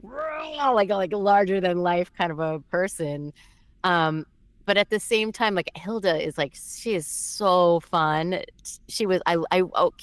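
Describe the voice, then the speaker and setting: A woman's voice: sits low, no room sound. A middle-aged woman, a voice actress, talking casually and animatedly about her roles, with many fillers and restarts. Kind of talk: casual interview answers.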